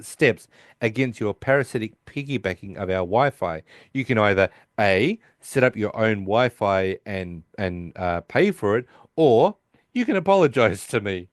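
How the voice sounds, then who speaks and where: A man's voice: medium pitch, no room sound, clean studio sound. A man hosting a podcast, casually recapping a sitcom episode and acting out the characters' lines as he goes. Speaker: podcast host.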